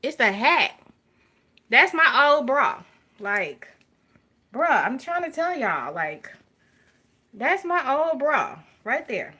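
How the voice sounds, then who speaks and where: A vlogger sits at her makeup table at home, casually chatting to camera in a Southern US accent from Alabama. She has a high-pitched, sing-song, husky voice with a sharp tone, speaking slowly and pausing often. Candid and joking, she keeps addressing her viewers directly as y'all.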